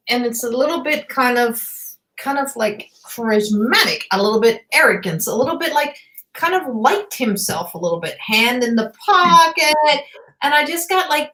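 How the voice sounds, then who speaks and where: A middle-aged woman from Newfoundland hosting live psychic readings, talking in a halting, rambling way full of fillers. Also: on the high side, fairly bright tone.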